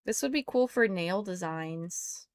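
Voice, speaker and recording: A woman's voice: on the low side, animated, a little slow, dry recording, clean studio sound. A young American woman chatting casually on a live stream, playful and rambling as she talks to her viewers while tinkering. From United States.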